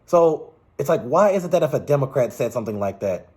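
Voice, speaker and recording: A man's voice: mid-range voice, animated, brisk, darkish tone, breathy edge. A man giving casual, rambling political commentary, exasperated and restarting his sentences often.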